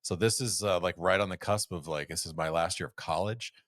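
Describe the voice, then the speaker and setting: A man in his forties co-hosting a podcast, with a fairly low voice. He tells stories in a relaxed way, full of fillers, recorded close and dry. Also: brisk, no echo. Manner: relaxed storytelling with many fillers. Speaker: podcast co-host. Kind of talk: casual chat.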